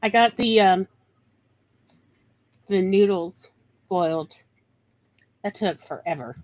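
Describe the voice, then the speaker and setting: A woman's voice: mid-range voice, slow, a little mellow, dry recording. A woman chatting casually with a friend on a stream, wry and given to sighs as she tells stories. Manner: wry, sighing, storytelling. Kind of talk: casual chat.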